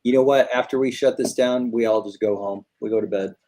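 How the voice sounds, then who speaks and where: A man's voice: mid-range voice, steady tone, brisk, dark tone. A man co-hosting a live trading stream in a laid-back, joking, profane way. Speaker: livestream trading co-host. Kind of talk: casual livestream chat.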